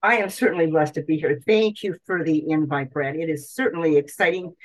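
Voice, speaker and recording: A woman's voice: low voice, fairly quick, low-quality recording. A middle-aged woman, a guest doctor, telling a personal story in an interview and animating her quotes of others.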